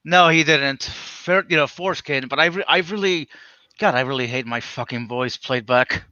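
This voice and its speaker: Over a video call, a man appearing as a livestream guest makes casual conversation, stumbling through lots of restarts and filler words. His nasal, mid-range voice comes across pushed and bright, with no room sound and a lo-fi quality.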